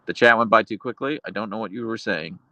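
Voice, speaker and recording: A man's voice: fairly low pitch, fast talker, pushed and bright, dry recording, low-quality recording. An American man from Pittsburgh hosting a casual livestream and chatting with viewers. He enunciates his consonants sharply and wanders into rambling asides. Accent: American, crisply enunciated. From Pittsburgh, Pennsylvania. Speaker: livestream host reading chat.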